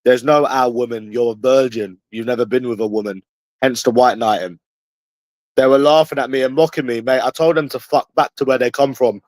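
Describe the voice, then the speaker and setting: Brisk and darkish in tone, a mid-range voice with a London accent goes after his livestream chat in a combative rant, swearing and repeating himself. No echo is audible.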